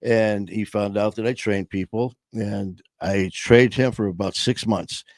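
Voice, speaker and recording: Middle-aged male host, casual rambling storyteller, lowish voice, dry close sound. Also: steady tone, unhurried, no echo. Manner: rambling, with many fillers. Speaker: podcast host and former trainer.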